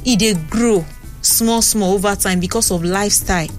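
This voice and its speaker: A young Nigerian woman hosting a radio talk show, chatting and telling stories in an animated way on a studio mic. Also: medium pitch, normal speed, soft background music. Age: young adult. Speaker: radio host. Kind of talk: casual radio talk and storytelling. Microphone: studio microphone.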